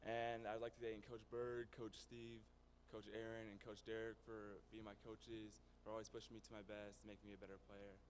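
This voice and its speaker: A man's voice: lowish voice, flat delivery, moderate pace, few pauses, a little hiss or hum. A teenage boy, a student athlete, steadily listing his thanks to coaches and family. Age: teens. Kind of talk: thank-you speech.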